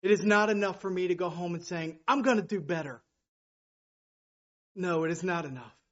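A man preaching a sermon with fervor, repeating phrases and swinging from loud declarations to hushed prayer. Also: high voice, normal speed, highs cut off.

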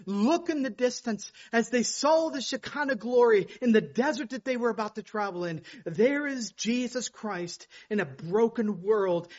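A man with a high voice preaches a fervent sermon. He repeats phrases for emphasis and moves between ringing declarations and quiet, prayerful passages. The recording sounds dull and lo-fi. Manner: fervent, repeats phrases, swings from loud to hushed.

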